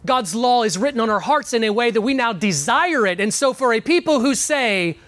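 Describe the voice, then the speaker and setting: A man's voice: very high-pitched, lively intonation, fairly bright tone, no echo. A man preaching a sermon earnestly, with frequent "um"s, repeating key words for emphasis. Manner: pauses with frequent fillers.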